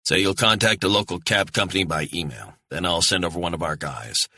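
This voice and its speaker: Man doing a gruff handler on the line, low husky voice, brusque, swears freely. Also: fairly quick, pushed and bright, dry recording, full character voice. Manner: clipped, brusque orders. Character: blunt male handler on the phone, curt and profane.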